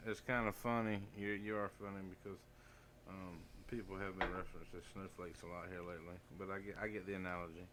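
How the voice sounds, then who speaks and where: A man co-hosting a podcast, speaking in a halting, hesitant way and mostly agreeing. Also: deep voice, level tone, noisy background. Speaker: podcast co-host. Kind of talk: casual chat.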